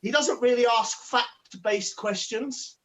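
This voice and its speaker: A comedy host introducing acts on a live online show, shouting for cheers and making chatty asides. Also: mid-range voice, takes it slowly. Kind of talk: hyped live show hosting. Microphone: video call.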